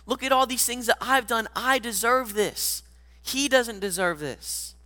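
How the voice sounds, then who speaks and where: A man's voice: very high-pitched, measured pace, bright, forceful tone, pitched above the performer's own voice, exaggerated voice. A man voicing an indignant, resentful young older brother in a sermon, with a whiny, complaining delivery.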